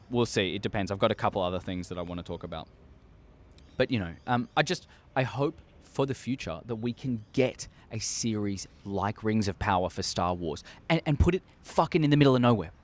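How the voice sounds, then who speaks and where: An Australian man hosting a casual opinion vlog, rambling and excitable, with heavy swearing, talking into a desk microphone. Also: fairly low pitch. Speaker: show host.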